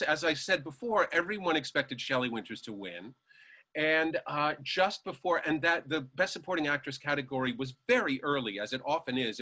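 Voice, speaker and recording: A man with a bright, forceful voice of middle pitch tells show-business stories as an interview guest. He slips into the voices of the people he quotes and laughs as he goes. His delivery is lively and animated. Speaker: guest storyteller. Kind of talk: anecdotal interview storytelling.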